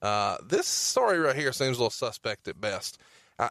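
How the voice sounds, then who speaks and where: Male host, relaxed, feeds questions to his guest; dry and close. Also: mid-range voice, moderate pace, dry recording. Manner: reads quotes and steers questions, easygoing. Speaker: podcast host. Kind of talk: casual podcast hosting.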